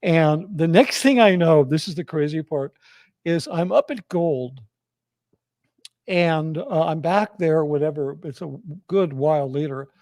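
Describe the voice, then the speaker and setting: A man's voice: a little high, lively intonation, measured pace, a little mellow, dry recording. A man as interview guest, telling a personal story with many restarts and fillers.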